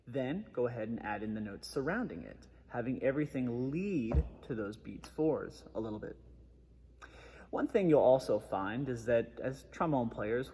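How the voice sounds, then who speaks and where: A man's voice: medium pitch, a little mellow, breathy edge, long reverb tail. A man giving a methodical trombone lesson, explaining articulation step by step. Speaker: trombone teacher. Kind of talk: instructional music lesson.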